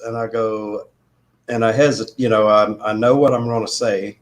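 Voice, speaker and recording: A man's voice: lowish voice, level tone, moderate pace. A man hosting a casual chat with friends, telling stories and laughing at them. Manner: laughs at his own stories.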